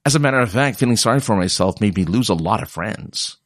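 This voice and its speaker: A man's voice: lowish voice, expressive, fast, no room sound, studio quality. A young man talking casually in a rambling way and mocking other people's voices when he quotes them. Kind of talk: casual monologue.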